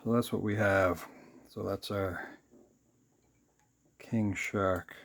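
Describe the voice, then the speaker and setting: Low gravelly-voiced man sketching. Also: slow. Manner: relaxed, self-deprecating asides. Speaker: artist hosting a sketchbook channel. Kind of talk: casual narration while drawing.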